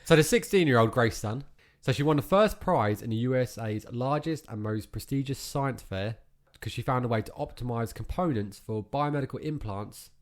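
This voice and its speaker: A man's voice: medium pitch, normal speed. A man from England co-hosting a podcast, chatting casually and acting out people he quotes. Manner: chatty storyteller, acts out quotes. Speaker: podcast co-host. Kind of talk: casual chat.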